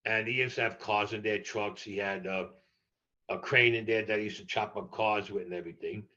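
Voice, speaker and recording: An older man tells stories as an interview guest, blunt and profane. His voice is bright and forceful. The recording sounds a little dull and muffled. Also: fairly low pitch, brisk. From New York. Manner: blunt, profane, animated storyteller. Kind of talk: storytelling in a podcast interview.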